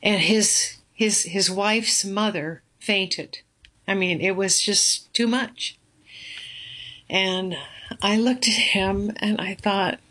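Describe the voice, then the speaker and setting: An older woman, a grandmother, slowly telling a painful family story, halting and earnest with many fillers. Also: mid-range voice, steady tone, fairly bright tone. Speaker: guest. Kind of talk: personal storytelling.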